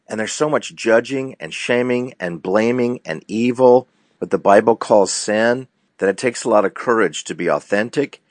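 Middle-aged guy counselor, really low voice, earnest preachy talk, dry sound. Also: moderate pace, no echo. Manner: earnest, preacherly, shifts pace for emphasis. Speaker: counselor, show guest. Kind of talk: casual faith-based talk.

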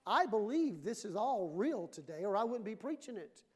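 A woman's voice: mid-range voice, very animated, normal speed, darkish tone, husky. A woman pastor preaching a sermon in a church, emphatic and conversational, often acting out the voices she quotes.

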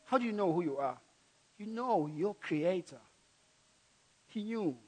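Preacher delivering a sermon; high-pitched man, emphatic, repetitive, dynamic. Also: expressive, a little slow, breathy edge. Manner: emphatic, repeats key phrases, swings from loud to soft.

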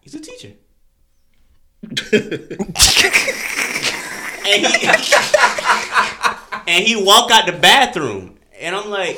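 A man's voice: sits high, sing-song, extremely slow, pauses often, noisy background. A young man co-hosting a podcast, telling a story in casual chat and acting out the quotes in shifting voices. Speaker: podcast co-host.

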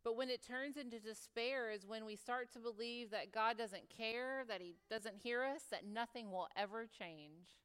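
A woman preaching a sermon to other women, emphatic and full of rhetorical questions, sometimes dropping to soft, reflective tones. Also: on the high side, normal speed, hardly any pauses, clear, resonant tone. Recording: long reverb of a large hall.

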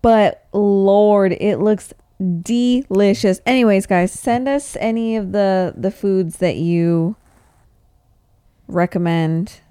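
Podcast co-host: woman, 30s, mid pitch, dry close recording, chatty and upbeat. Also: takes it slowly, dark tone, smooth, no room sound. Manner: chatty, reads menu items aloud. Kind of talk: casual chat.

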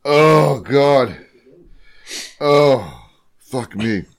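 A man's voice: medium pitch, expressive, vocal fry. A man co-hosting a casual podcast, cracking jokes and swearing as he chats. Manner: joking, profane, unhurried interjections. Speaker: podcast co-host. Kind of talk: casual chat.

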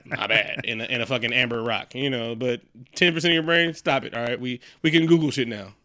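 A man's voice: mid-range voice, brisk, no room sound, clean studio sound. A man casually recapping a movie, joking and swearing freely as he tells the story. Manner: profane, joking, animated storytelling.

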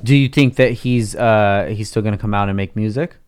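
A man's voice: on the low side, brisk, a little mellow, clean tone. A man co-hosting a podcast, chatting in a laid-back, profane way and often answering with short agreeing replies. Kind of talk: casual chat.

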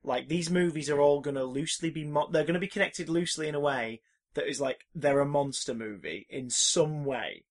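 A man co-hosting a casual film podcast, animated and profane, acting out reactions with loud exclamations. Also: on the high side, brisk. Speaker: podcast co-host.

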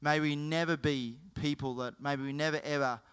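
A man preaching a sermon, telling the story in an animated way and often correcting himself mid-sentence. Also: on the high side, normal speed, smooth. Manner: animated, with frequent self-corrections.

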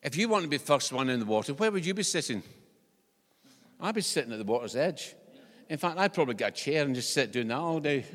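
A Scottish man preaching a sermon in a church, conversational and animated, with joking asides. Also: mid-range voice, quick pace. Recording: long church-hall reverb.

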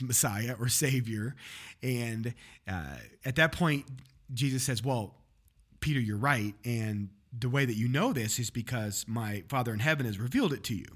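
A man's voice: mid-range voice, a bit bright, breathy edge. Guy pastor talking through a sermon recap, loose and chatty, mid voice. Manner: conversational, with restarts and light laughs. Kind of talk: casual podcast chat about a sermon.

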